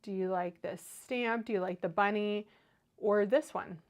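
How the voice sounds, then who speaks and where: Woman, craft livestream host, chatty, enthusiastic, casual talk, mid-pitched voice. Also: measured pace. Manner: chatty and enthusiastic, reads viewer comments aloud.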